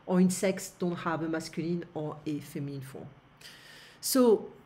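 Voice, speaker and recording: A woman's voice: medium pitch, a little mellow. Teacher lady, talks thru a textbook page, lots of uhs. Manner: explains step by step with many fillers. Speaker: French teacher. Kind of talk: online language lesson.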